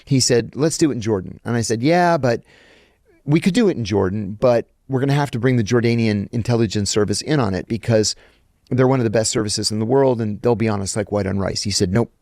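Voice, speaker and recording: Gravelly-voiced man telling a story. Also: mid-range voice, a little fast, no echo, studio quality. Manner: animated anecdote teller, acts out quoted lines. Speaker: guest, former intelligence officer. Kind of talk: storytelling in an interview.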